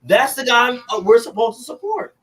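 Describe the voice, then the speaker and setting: A man's voice: very high voice, big pitch swings, normal speed, a bit bright. A young man co-hosting a podcast, ranting animatedly through heated political banter and cutting in with "hold on". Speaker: podcast co-host.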